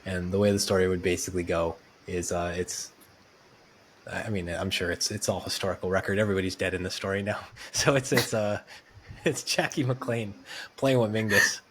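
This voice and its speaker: Man telling animated studio stories. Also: low voice, normal speed, a little hiss or hum. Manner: animated storyteller, acting out quotes. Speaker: podcast guest, musician. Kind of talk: conversational storytelling.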